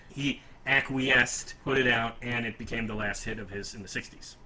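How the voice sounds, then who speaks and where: A man's voice: medium pitch, steady tone, moderate pace, pushed and bright, slight background noise, poor audio. A man hosting a casual music podcast, talking in a rambling, enthusiastic and self-deprecating way. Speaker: podcast host.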